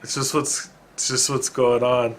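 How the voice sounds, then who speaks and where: A man talks through his podcast alone at home, wandering from point to point with wry, self-deprecating asides. He stops and restarts often and fills the gaps with ums and uhs. His voice sits at an ordinary middle pitch. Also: little pitch movement, a little slow. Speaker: podcast host. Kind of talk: casual solo podcast rambling. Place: home room with dogs present.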